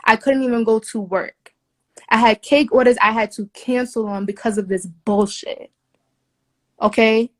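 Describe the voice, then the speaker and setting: A young woman vents into her phone from a hotel room, indignant and emphatic, with a fairly high voice. She swears freely and presses every point hard. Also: steady tone, a little slow. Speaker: flight attendant telling her story. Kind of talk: casual phone video rant.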